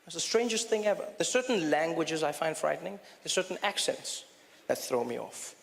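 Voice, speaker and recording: High-pitched male comic, lively and loud, reverberant club with faint ambience. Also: brisk, vocal fry, a little hiss or hum. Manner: energetic, animated, often shouting. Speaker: stand-up comedian. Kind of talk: stand-up comedy. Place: comedy club stage.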